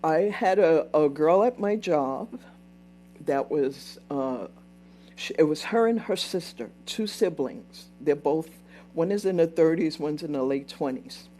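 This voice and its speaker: A woman's voice: deep voice, expressive, unhurried, warm tone, slight background noise. An older woman hosting a casual livestream, telling a story in a chatty way, repeating herself and breaking off to thank and answer viewers. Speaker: livestream host.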